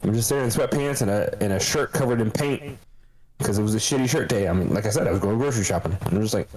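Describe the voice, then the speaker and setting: A man's voice: on the low side, fast talker, darkish tone, slight background noise. A man co-hosting a casual podcast, rambling through stories with a lot of swearing. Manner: profane, rambling storyteller. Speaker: podcast co-host.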